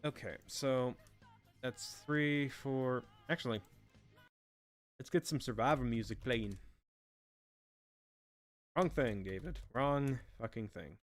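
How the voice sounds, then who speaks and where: A man's voice: medium pitch, slow, long pauses, faint music behind. A young man casually narrating a fan-made game, thinking aloud with fillers and offhand swearing. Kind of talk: casual unscripted commentary.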